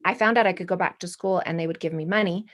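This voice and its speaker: A woman's voice: lowish voice, steady tone, fast, a bit bright. Earnest rambling woman in her forties. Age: 40s. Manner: rambling, earnest, many restarts. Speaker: guest artist and art professor. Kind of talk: spiritual casual interview.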